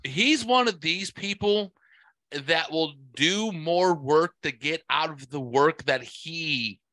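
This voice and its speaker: A man's voice: a little high, slow, sharp tone, no room sound. A man hosting a podcast, ranting angrily and cursing constantly in casual chat. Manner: profane angry ranting. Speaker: podcast host.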